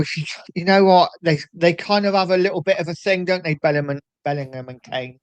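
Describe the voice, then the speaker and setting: A man's voice: a little high, dry recording. A man co-hosting a live football watchalong, chatting in an easygoing way with a few hesitations. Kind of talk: casual football chat.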